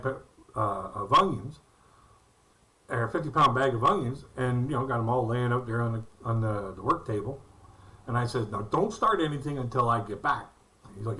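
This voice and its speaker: A man's voice: mid-range voice, bright, forceful tone, recorded from a distance, poor audio. A man doing stand-up comedy, telling rambling, folksy anecdotes about his jobs and acting out the quotes. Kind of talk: storytelling stand-up routine.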